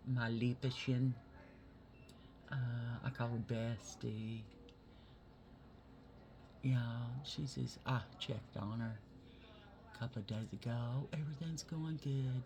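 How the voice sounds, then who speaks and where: A makeup vlogger, a man with a medium-pitched voice, chats casually and unhurriedly with his viewers while doing his makeup, loose and full of swearing. He addresses them directly and drops almost to a whisper while blending. A constant hiss of background noise runs beneath his voice.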